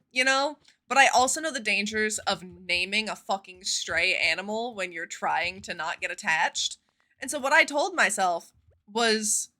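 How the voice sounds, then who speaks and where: A woman streamer talks casually with her viewers, telling stories in an expressive, freely swearing way. Her voice is bright and clear and sits a little high for a woman. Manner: chatty, profane, expressive storytelling. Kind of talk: casual live-stream chat.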